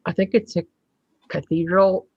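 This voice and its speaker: A husky, breathy voice of a student in a class discussion, thoughtful and searching for words. The recording is dull and dry, as if over a muffled line with no room around it. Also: medium pitch, flat delivery, normal speed, no room sound.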